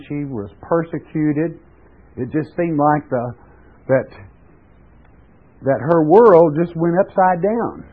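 An older man preaching a sermon in a folksy, storytelling way, chuckling now and then as he talks. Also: mid-range voice. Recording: tinny phone-like radio broadcast.

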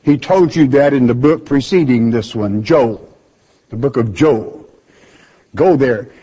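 Slow, blunt male preacher, dull recording. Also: mid-range voice, mellow, breathy edge. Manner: reads verses aloud, then explains them bluntly; direct, scolding, asks rhetorical questions. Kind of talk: sermon with scripture reading.

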